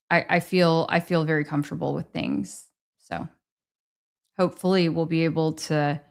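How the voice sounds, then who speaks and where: A woman with a low, vocal-fry voice hosts a casual livestream, reading and answering chat. She rambles hesitantly and restarts often.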